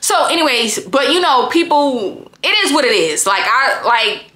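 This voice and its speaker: A young woman telling a story to her viewers in a blunt, animated rant full of swearing. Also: sits high, unhurried. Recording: echoey room.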